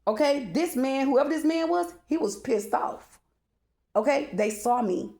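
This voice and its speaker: A woman's voice: sits high, expressive, a little slow, darkish tone. A woman telling a personal story in a casual storytime monologue, blunt and profane, often checking in with "okay?". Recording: echoey room.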